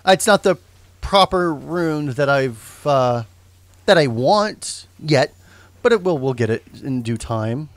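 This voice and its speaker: A man's voice: fairly high pitch, animated, takes it slowly, no room sound. A young man giving casual, rambling commentary on a game he streams, often correcting himself and tossing in jokes. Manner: rambling, self-correcting, joking asides.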